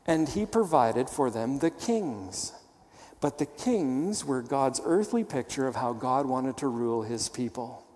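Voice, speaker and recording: A man's voice: medium pitch, animated, a little slow, darkish tone, in a large hall. A man preaching a sermon, teaching emphatically and asking rhetorical questions. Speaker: pastor.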